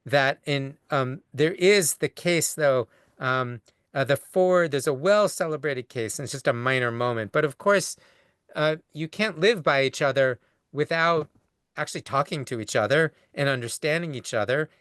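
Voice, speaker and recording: A man's voice: mid-range voice, moderate pace, fairly bright tone, clean tone, no echo. Male rabbi lecturing over a video call, mid-range voice, rambling and long-winded, dry close sound. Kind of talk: conversational lecture answering a question.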